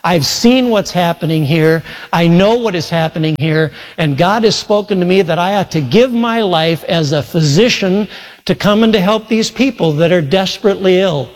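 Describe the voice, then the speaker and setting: A male pastor preaching a sermon, retelling a story full of quoted speech, his pace shifting between slow and quick. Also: high-pitched. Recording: long hall reverb.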